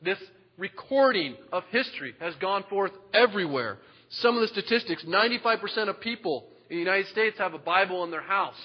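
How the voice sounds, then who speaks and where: A male pastor preaching a sermon, animated and joking, dropping from loud emphasis to a hushed voice. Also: high-pitched, fairly quick. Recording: dull lo-fi sound with long reverb.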